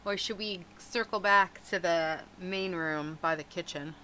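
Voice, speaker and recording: A woman's voice: lowish voice, unhurried, sharp tone, a little hiss or hum, rough recording. A woman playing in a tabletop game, chatting casually and cracking teasing jokes. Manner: teasing, wisecracking. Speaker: player.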